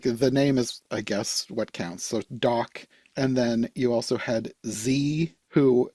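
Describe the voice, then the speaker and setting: A man's voice: warm tone, no echo. Laid-back wry male podcast host. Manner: laid-back, wry, trails off with low asides. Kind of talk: casual movie review chat.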